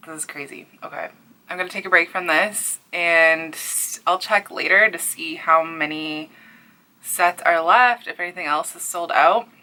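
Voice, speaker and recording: Young Newfoundland woman, bright and fairly low-pitched, breathless and overwhelmed, casual home vlog. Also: a little slow. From Canada. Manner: breathless and overwhelmed, sighing, dropping to near-whispers. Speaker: crochet artist and small business owner.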